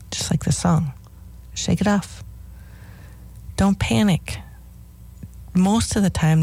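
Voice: mid-range voice, dark tone, no room sound. A radio host of a dog-training show, giving firm, instructive advice as a list of do's and don'ts.

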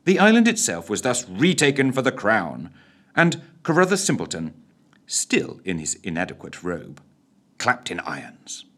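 A man narrates a bedtime story in a theatrical style. His low voice swoops widely in pitch and has a husky grain. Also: normal speed. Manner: expressive, theatrical.

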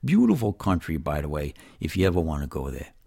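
A man's voice: a bass voice, wildly swooping pitch, fairly quick, vocal fry, mellow, slightly rough. An older man with a New York accent telling his life story in a folksy, conversational way, talking straight to the listener. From New York City. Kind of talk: storytelling narration.

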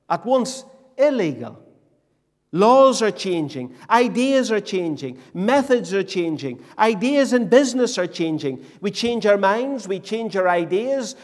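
Male preacher from Northern Ireland, high voice, deliberate emphatic delivery, echoing church hall. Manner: emphatic, slow, repetitive preaching with rhetorical questions. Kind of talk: sermon. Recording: long reverb of a church hall.

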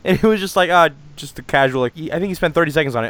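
A man's voice: on the high side, rapid-fire, fairly bright tone, no echo. A young adult man co-hosting a podcast, talking politics in a rambling, sarcastic way and laughing often. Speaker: podcast co-host. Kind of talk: casual political chat.

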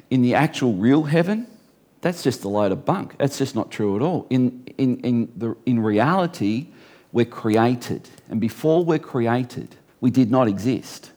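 A man's voice: mid-range voice, expressive, measured pace, dark tone. A middle-aged man, a pastor, preaching a sermon in a conversational way with wry asides and repeated key phrases.

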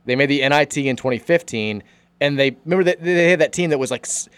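A man's voice: on the high side, fairly bright tone, clear, resonant tone, dry recording. A man hosting sports talk radio, reading listener texts and arguing about college basketball coaches. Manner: reads listener texts aloud, fast and argumentative.

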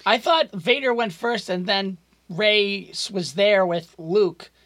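A woman co-hosting a podcast in casual chat about a movie, chiming in with quick reactions and laughter. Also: mid-range voice, a bit bright, no room sound. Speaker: podcast co-host.

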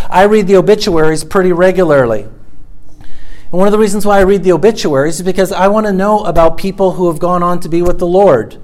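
A middle-aged man preaching a sermon as pastor, talking conversationally and repeating phrases for emphasis. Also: high voice.

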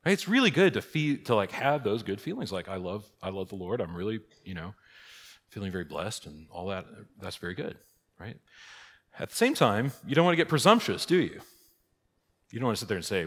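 Low-voiced pastor in a reverberant church. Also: male voice, big pitch swings, brisk, slightly rough. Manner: conversational, frequent "okay?" and "right?" check-ins. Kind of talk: catechesis teaching. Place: church hall. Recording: long reverb of a large hall.

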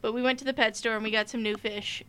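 High, bright-voiced chatty woman. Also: fast talker, a little hiss or hum. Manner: expressive, swears freely, laughs easily. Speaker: podcast co-host, parent. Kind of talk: casual chat.

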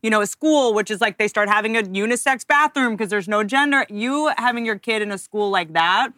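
A woman comedian guesting on a show, trading fast sarcastic quips in casual banter. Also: medium pitch, pushed and bright, no room sound, clean studio sound.

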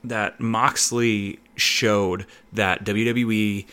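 A podcast host with a fairly low, smooth voice speaks very slowly. He chats casually and retells stories with animation, his speech full of fillers.

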